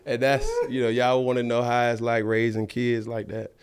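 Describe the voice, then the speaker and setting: A man in his thirties with a Southern American accent, hosting a podcast and telling a profane, animated story, laughing often. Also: mid-range voice, normal speed, smooth. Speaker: podcast host. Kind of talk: casual storytelling.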